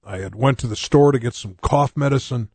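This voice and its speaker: A North Dakota pastor in his sixties shares his personal testimony during a sermon, candid and conversational, often restarting and making wry jokes at his own expense. His mid-range voice is fairly quick, creaky, husky and a little mellow. There is no echo.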